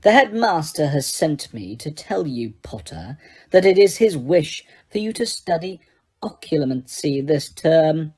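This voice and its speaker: A woman reading an audiobook, voicing a cold, sneering male teacher who speaks slowly, quietly and waspishly. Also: low voice, big pitch swings, full character voice. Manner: slow, quiet and silkily waspish.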